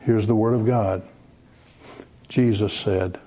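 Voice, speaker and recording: A man preaching a broadcast sermon, earnest, repeating words and slowing down to stress his points. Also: medium pitch, creaky, dark tone, breathy edge. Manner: earnest, repeats words, slow emphatic phrasing.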